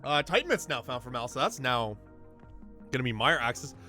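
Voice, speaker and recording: A man casually calls a video game race for his chat, excitable and laughing a lot, now and then erupting in loud disbelief. His voice is mid-range and a little fast, with faint music in the background.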